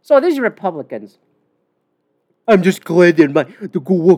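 Fairly low in pitch yet very animated, a woman with a darkish tone delivers a blunt, profane opinion rant at a measured pace. As a podcast host she keeps it casual and filler-heavy, and there's no echo.

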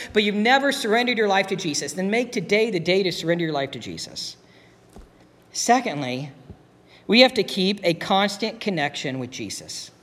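Earnest preacher in a reverberant hall. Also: mid-range voice. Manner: earnest, conversational, repeats key phrases. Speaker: pastor. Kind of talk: sermon.

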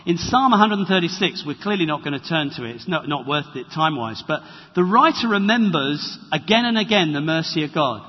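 A man preaching a sermon in a conversational, animated way and acting out the quotes he tells. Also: a little high, a little fast, breathy edge. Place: church hall. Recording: reverberant, dull lo-fi church recording.

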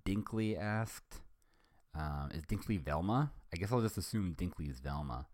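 A man's voice: low-pitched, animated, normal speed, a little mellow, no room sound, studio quality. A man hosting a podcast, reading fan fiction aloud and chatting hesitantly, with many ums and self-corrections. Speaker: podcast host.

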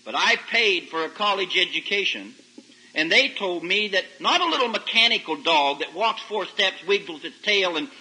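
A man preaching a folksy sermon to young people, telling stories and rising to loud emphatic peaks. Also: sits high, moderate pace, low-quality recording. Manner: folksy, animated storytelling with sudden loud rises. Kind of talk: sermon to a youth service. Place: camp meeting service. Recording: old 1990s radio broadcast recording.

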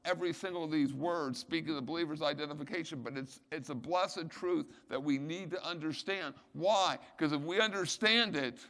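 A man with a fairly high voice preaches with fervor, pressing his points home and throwing questions at his listeners. His words ring out with a long echo of a large hall. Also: fairly quick, hardly any pauses. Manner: emphatic Bible teaching with rhetorical questions, rising to loud peaks. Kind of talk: sermon.

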